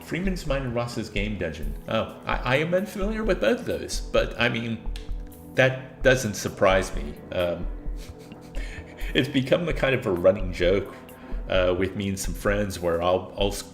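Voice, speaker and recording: A man's voice: fairly low pitch, expressive, unhurried, soft background music. A man streaming himself playing a video game and chatting casually, rambling and self-deprecating, often laughing at himself.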